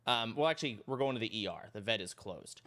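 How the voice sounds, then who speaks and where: A man live streaming, telling his chat a rambling, profane story in a casual, animated way. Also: on the low side, fast talker.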